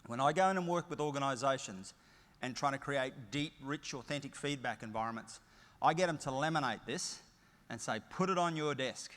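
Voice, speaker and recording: A man's voice: mid-range voice, fairly quick, a bit bright. A middle-aged Australian man giving a motivational conference keynote, emphatic and story-driven with punchy short phrases. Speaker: keynote speaker. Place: large conference hall. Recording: long hall reverb.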